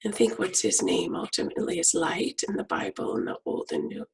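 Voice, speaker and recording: A middle-aged woman guiding a prayer meditation in a soft, half-whispered voice. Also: rumbling low, big pitch swings, fairly quick, breathy edge, poor audio.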